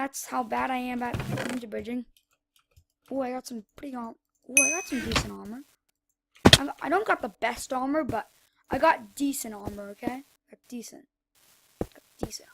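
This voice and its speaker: A high-voiced woman talks through her own gameplay in a loose, rambling commentary and breaks into excited yells at the big moments. A loud hiss of noise sits under her voice, and mouse clicks keep tapping away in the background. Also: creaky. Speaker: gaming channel host.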